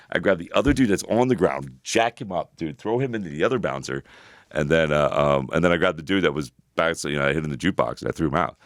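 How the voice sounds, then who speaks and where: A man co-hosting a podcast, telling rambling, animated stories full of filler words. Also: low-pitched, no room sound, clean studio sound. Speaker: podcast co-host. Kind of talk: casual storytelling chat.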